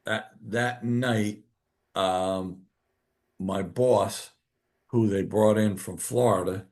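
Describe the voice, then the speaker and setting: A man's voice: lowish voice, drawn-out words. A man, a podcast guest telling a story and acting out the dialogue in it. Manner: animated, acts out quoted dialogue. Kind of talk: casual storytelling.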